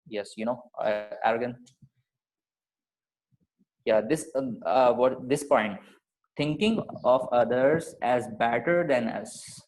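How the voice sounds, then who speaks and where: A man as a patient teacher giving an online class, voice sitting at an ordinary middle pitch. He explains step by step, pausing on fillers and checking understanding with frequent okays. It sounds like a video call. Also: darkish tone, poor audio.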